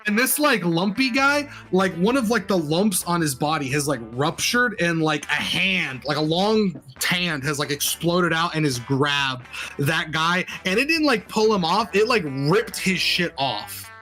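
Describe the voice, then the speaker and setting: A man's voice: fairly high pitch, lively intonation, a little slow, pushed and bright, soft background music. A man running a tabletop game as game master, narrating loosely with lots of fillers and restarts.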